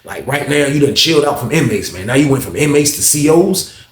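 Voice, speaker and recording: A man's voice: mid-range voice, expressive, brisk, hardly any pauses. A man telling a story to his viewers in a casual, slangy and profane way. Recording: roomy echo.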